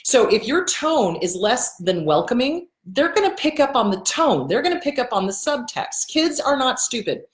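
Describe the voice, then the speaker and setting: A woman gives frank advice in a loose, unscripted monologue, her pitch swinging up and down with animated emphasis. She is blunt and swears freely, hammering points home by repeating words. The sound has a roomy echo around it. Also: normal speed, few pauses. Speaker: host and therapist. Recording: echoey room.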